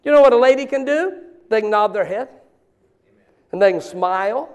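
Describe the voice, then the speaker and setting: High-voiced fiery preacher in his 50s. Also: normal speed. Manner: animated, shouting bursts and joking asides. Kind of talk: sermon.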